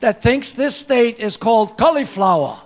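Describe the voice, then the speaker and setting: A man's voice: very high voice, expressive, moderate pace. A man with a Brooklyn accent doing stand-up comedy as emcee on an auditorium stage, brash and joking. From Brooklyn, New York. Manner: brash, joking, repeats himself.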